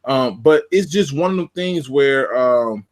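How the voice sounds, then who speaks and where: A man's voice: medium pitch, animated, unhurried. A man co-hosting a casual sports podcast, emphatic and fond of repeating phrases for effect. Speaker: podcast co-host.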